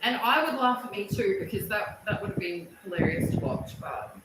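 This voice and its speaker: A middle-aged woman from Australia, telling stories in a casual livestream chat, animated and prone to loud excited bursts. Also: medium pitch, fairly quick. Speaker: livestream host. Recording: echoey room with loud noise.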